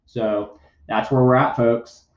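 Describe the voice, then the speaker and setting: A man's voice: medium pitch, fairly even intonation, slow, reverberant, lo-fi sound. A man hosting a podcast, giving blunt, sarcastic news commentary and swearing freely. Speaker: podcast host.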